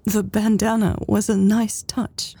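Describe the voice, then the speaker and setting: A remorseful adult woman speaks softly, her voice a little lifted and close to tears, as a female audiobook reader puts her on. The tone stays dark and raspy, slow and unhurried, heard dry and close. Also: fairly low pitch, dry recording, faint music behind, heavily acted. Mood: soft, tearful.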